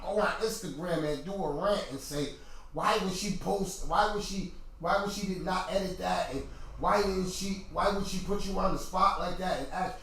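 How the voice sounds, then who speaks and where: A high-pitched man hosts a podcast, speaking casually and often repeating himself, then rising to shouts. He sounds far from the mic in a strongly echoing room. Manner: animated, repetitive, rising to shouts when worked up. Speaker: podcast host. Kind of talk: casual opinion talk to viewers.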